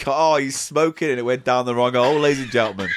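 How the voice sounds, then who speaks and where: A man's voice: medium pitch, fast, background noise. A man hosting a casual comedy podcast, teasing his co-host quiz-style. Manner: teasing, quizmaster-like.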